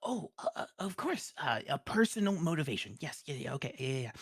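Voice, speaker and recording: A game master voicing an eager, flustered young woman scholar who stammers quickly and quietly. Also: medium pitch, big pitch swings, breathy edge. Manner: stammering, breathless, fast, quiet.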